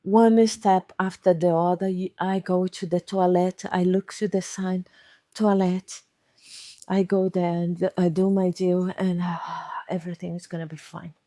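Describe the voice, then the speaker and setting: A young Brazilian woman with a Portuguese accent speaks slowly and deliberately, acting out little scenes as she tells a motivational story. Her voice sits in a mid range and sounds dry and close, with no room around it. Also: on the low side, level tone, mellow, dry recording. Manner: acts out scenes with dramatic voices and sound effects.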